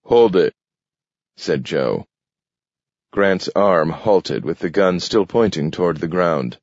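A man reading a story aloud in a measured, steady manner. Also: sits low, dry recording, lo-fi sound. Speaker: audiobook narrator. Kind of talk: scripted narration.

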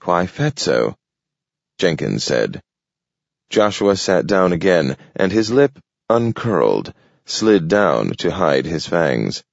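Narratore uomo, voce bassa e lenta, registrazione spenta e asciutta. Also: male voice, very animated, vocal fry, dry recording. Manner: slow and measured. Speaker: audiobook narrator. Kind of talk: scripted narration. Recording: dull lo-fi audio, dry.

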